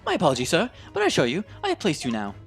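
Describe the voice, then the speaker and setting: Eccentric male detective, lively and pompous, voiced by a woman, game dub. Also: low-pitched, very fast, creaky, soft background music, exaggerated voice. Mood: polite. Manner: grand, airy and theatrical.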